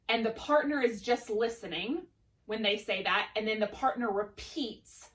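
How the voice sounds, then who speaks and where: A woman's voice: fairly high pitch, measured pace, a bit bright. A young adult woman teaching a drama lesson to children, enthusiastic and encouraging. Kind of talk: upbeat classroom lesson.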